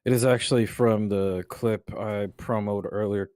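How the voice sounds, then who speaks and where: A man's voice: fairly low pitch, steady tone, measured pace, a little mellow, no echo, studio quality. A man co-hosting a podcast, teasing and laughing in casual slang-filled chat. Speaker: podcast co-host.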